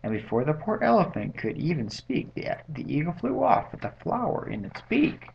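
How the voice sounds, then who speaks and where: A man reading a rhyming picture book aloud at bedtime, in a lively, rhythmic read-aloud manner, recorded at home on a webcam mic. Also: a little high, moderate pace, vocal fry, slight background noise. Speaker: bedtime story reader. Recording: dull lo-fi webcam audio.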